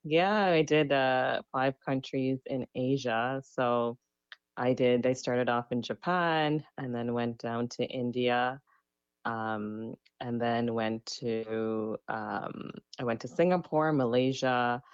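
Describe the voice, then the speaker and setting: Musician woman, halting and reflective. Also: very deep voice, fairly even intonation, clean tone, no echo, dull audio. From Canada. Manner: reflective, hesitant with many fillers. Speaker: DJ and musician guest. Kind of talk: radio interview.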